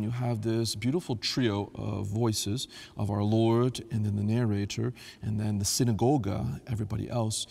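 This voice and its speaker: A priest giving an earnest, devout talk on liturgical chant, now and then singing a phrase to show how it sounds. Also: male voice, on the low side, vocal fry, darkish tone, husky, long reverb tail.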